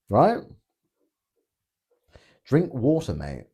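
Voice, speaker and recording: A man's voice: mid-range voice, animated, moderate pace, warm tone. A man hosting a casual live stream, answering chat in a blunt, joking way with plenty of swearing. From Britain. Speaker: political streamer reading chat.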